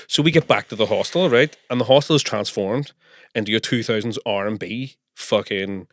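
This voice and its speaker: A man's voice: fairly low pitch, fairly quick, no echo, studio quality. A middle-aged man with a Northern Irish accent, a musician guest telling a sweary, laughing anecdote in casual chat. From Belfast.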